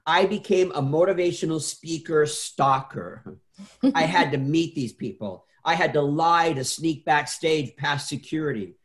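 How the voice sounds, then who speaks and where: Middle-aged male guest, earnest storyteller, a bit high-pitched, trips over repeats. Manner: earnest, repeats words, many restarts. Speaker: interview guest. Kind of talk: casual interview storytelling.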